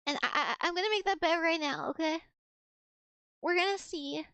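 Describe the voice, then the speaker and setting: A woman's voice: very high voice, normal speed, a bit bright, dry recording. A young adult woman streaming from home as a VTuber, chatting casually and cooing affectionately at her cat, rambling with restarts. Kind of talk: casual live-stream chat.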